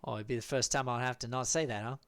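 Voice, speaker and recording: A man's voice: mid-range voice, steady tone, fast talker, no echo, natural voice. A man voicing a brash male teammate who calls over the radio, teasing and pushy in a tabletop game.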